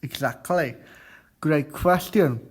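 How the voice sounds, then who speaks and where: A man presenting a student radio show in a halting, chatty way, often stopping to quiz his classmates in the studio. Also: a little high, breathy edge. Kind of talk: casual radio chat.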